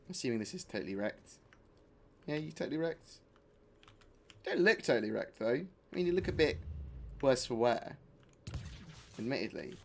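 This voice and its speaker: A man livestreaming a game, chatting casually, joking and swearing at it while answering chat. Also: fairly high pitch. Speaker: game streamer.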